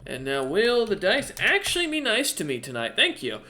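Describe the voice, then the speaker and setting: A man narrating as game master of a tabletop game, in a casual, halting way with fillers and the odd curse. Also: high voice, wildly swooping pitch, pushed and bright. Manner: casual, halting narration with many fillers and restarts, occasional swearing.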